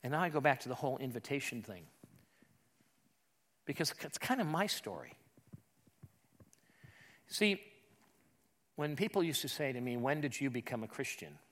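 A male pastor preaching a storytelling sermon. He talks conversationally with repeated restarts and swings from quiet asides to loud, emphatic peaks. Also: mid-range voice.

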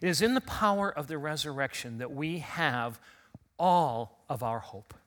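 Bright-voiced male pastor preaching. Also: on the high side, animated, normal speed. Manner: warm conversational preaching with call-and-response. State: recovering from illness. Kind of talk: Easter sermon. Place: church sanctuary.

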